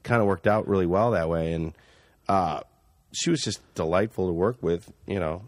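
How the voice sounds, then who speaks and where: A man telling stories in casual chat, animated, laughing often and swearing freely. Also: deep voice, normal speed, dry recording.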